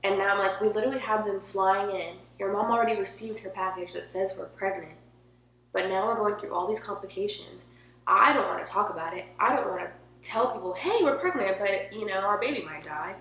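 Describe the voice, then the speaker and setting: A woman's voice: mid-range voice, fairly quick, fairly bright tone. A young woman telling a personal story in a casual, emotional, chatty way, filling her talk with "like". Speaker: vlogger. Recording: echoey room with faint hum.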